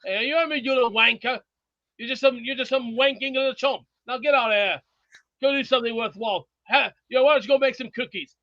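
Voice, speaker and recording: A man trash-talking in brash banter, blustering and insulting, with sudden bursts into shouting. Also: very high voice, fast, no room sound, lo-fi sound. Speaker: show regular.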